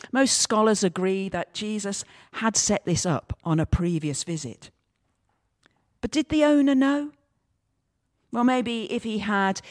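A woman pastor preaching in a slow, deliberate, reflective way at a middle pitch. Her sermon moves between reflection and storytelling. The recording is dry and close. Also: a little mellow, no echo.

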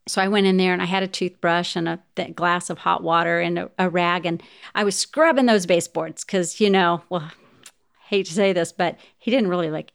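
A woman's voice: medium pitch, smooth. A middle-aged woman hosting a podcast, telling a personal story in a heartfelt way and speaking straight to her listeners. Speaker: podcast host.

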